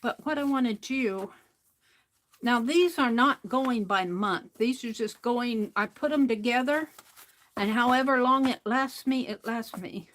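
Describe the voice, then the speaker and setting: Slow chatty lady sorting art supplies, kinda high voice, thinking out loud. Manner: chatty, rambling, talking to herself while working. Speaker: art livestreamer. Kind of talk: casual crafting livestream. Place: home craft room.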